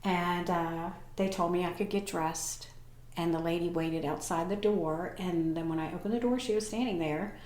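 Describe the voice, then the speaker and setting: A woman in her forties telling a personal story as a podcast guest, lively and acting out the people she quotes. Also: fairly low pitch, moderate pace. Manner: animated, acts out voices in her story. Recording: echoey room.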